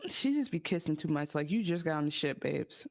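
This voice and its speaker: A woman's voice: sits low, lively intonation, brisk, gravelly, darkish tone, dry recording, studio quality. A woman co-hosting a podcast, chatting casually about an episode with lots of filler words. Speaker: podcast co-host. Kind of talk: casual recap chat.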